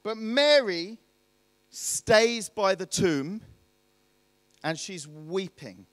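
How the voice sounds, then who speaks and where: A preacher with a notably high, somewhat bright voice tells a story in his sermon, speaking conversationally and asking his listeners rhetorical questions. He is expressive and draws out his words. The sound is close and dry, with almost no room echo.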